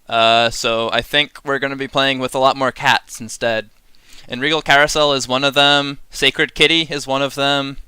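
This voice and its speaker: A man's voice: medium pitch, bright, forceful tone, smooth, no echo. A man giving casual live-stream commentary on a card game set, chatty and sarcastic, often laughing and working himself up into mock rants.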